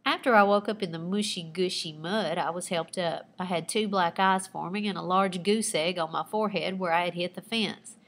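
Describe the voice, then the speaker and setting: A woman teacher reading aloud her own personal narrative with lively expression, pausing to point out the writing techniques she used. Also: fairly low pitch. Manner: expressive storytelling with asides pointing out figurative language.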